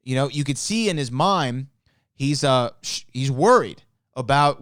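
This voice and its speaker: A man's voice: mid-range voice, expressive, unhurried, a bit bright, smooth, dry recording. Man ranting on a podcast, close dry sound. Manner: exasperated, ranting rebuttals with rising indignation. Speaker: podcast host. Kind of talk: solo podcast commentary.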